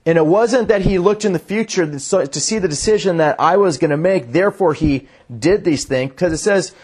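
A man preaching a sermon, reading scripture in a slower, lower voice and explaining it earnestly. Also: darkish tone, slightly rough. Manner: reads scripture in a lower, slower voice, then speeds up; earnest, restarts sentences. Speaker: pastor.

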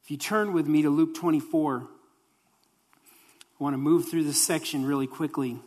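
A preacher giving a sermon, telling the story with animated delivery and acted-out quotes, in a large hall. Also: mid-range voice, moderate pace. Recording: long hall reverb.

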